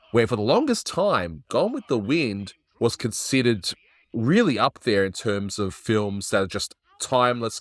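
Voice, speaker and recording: A man's voice: on the low side, fairly bright tone, no echo. A man hosting a cartoon review, chatting casually with wry asides.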